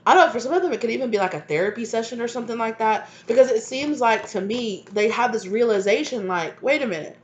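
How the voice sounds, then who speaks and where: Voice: mid-range voice, fast talker, few pauses, dull audio. A tarot reader giving a casual, channeled reading who rambles with many fillers and acts out imagined quotes.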